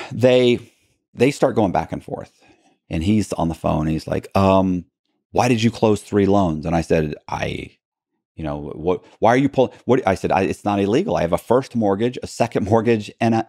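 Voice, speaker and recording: Man, low voice, animated storyteller, podcast guest, dry close mic. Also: moderate pace, no room sound. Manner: animated, acts out both sides of the dialogue.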